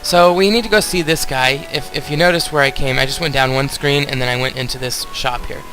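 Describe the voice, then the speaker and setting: Bright-voiced chatty male gamer. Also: medium pitch, steady tone, fairly quick, soft background music, low-quality recording. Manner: chatty, rambling, talks straight to viewers. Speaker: let's play host. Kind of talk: casual game commentary.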